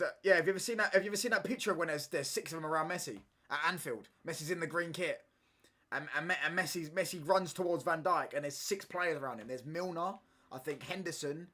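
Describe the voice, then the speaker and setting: Slangy young lad chatting football. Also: male voice, a little high. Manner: animated, slangy banter with the chat. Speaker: football watchalong streamer. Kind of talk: casual chat. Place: home streaming setup.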